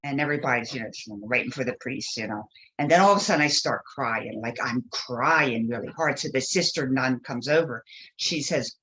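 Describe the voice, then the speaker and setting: A woman speaking as a guest in an interview, telling stories with lively acted-out quotes. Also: a bass voice, brisk, rough recording. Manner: animated storytelling with acted quotes. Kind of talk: conversational interview.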